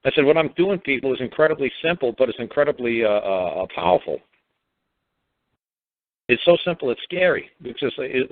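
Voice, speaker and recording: A blunt radio host who mocks his callers, stumbling over and repeating his words as he pushes on. His voice comes through a tinny, narrow phone line with no room echo at all. The pitch sits in an ordinary middle range for a man. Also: expressive, moderate pace. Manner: blunt, mocking, stammers and repeats himself. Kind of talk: call-in radio advice.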